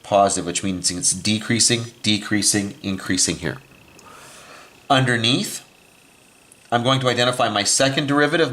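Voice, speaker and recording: A man's voice: on the low side, sharp tone. A man teaching a recorded math lesson, explaining each step as he writes and often stopping to correct himself. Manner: explains step by step while writing on a board.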